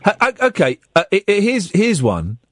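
A man's voice: high voice, normal speed, no echo, studio quality. A man hosting a radio show, chatting casually in a rambling way with many restarts. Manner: animated, rambling, stumbling restarts. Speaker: radio host.

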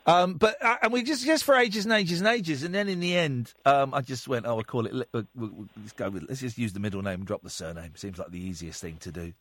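A man's voice: medium pitch, expressive, fast talker, hardly any pauses, a bit bright, no echo. A man hosting a late-night radio phone-in, joking with callers, full of restarts and mock voices. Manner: jokey, slips into mock advert voices and accents, many restarts. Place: radio studio. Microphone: studio microphone.

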